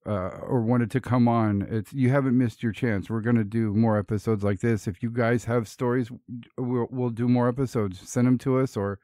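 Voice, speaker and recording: A man's voice: medium pitch, fairly even intonation, moderate pace, mellow, no echo, clean studio sound. Easygoing male podcast co-host. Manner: easygoing, thankful, rambling. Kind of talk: casual chat.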